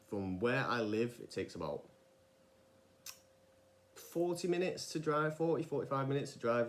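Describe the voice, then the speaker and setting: A young man talks through his story in a loose, podcast-style monologue. His voice sits a little low, and he drifts into tangents and restarts his sentences as he goes. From England. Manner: rambling, digressive, many restarts and fillers. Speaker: vlogger.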